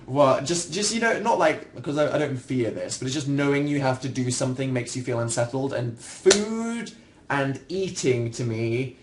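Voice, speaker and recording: A man's voice: medium pitch, expressive, moderate pace, slight background noise. A young man hosting a casual livestream, answering viewers in a rambling, self-deprecating way with dry humor. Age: young adult. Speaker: livestream host.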